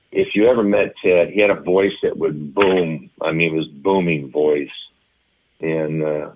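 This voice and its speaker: Older man, very deep voice, lively anecdotal storytelling, thin phone-like sound. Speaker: interview guest, retired baseball player. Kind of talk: storytelling interview.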